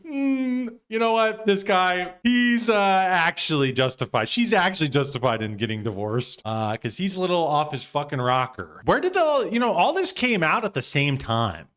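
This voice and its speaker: A man's voice: high voice, big pitch swings, normal speed, hardly any pauses, a bit bright. A man hosting a live stream, commenting casually with loose, profane asides. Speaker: stream host.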